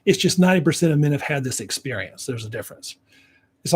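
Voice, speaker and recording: Husky-voiced man coaching on relationships. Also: medium pitch, lively intonation, quick pace. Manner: explains by acting out what partners say. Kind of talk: advice talk to viewers.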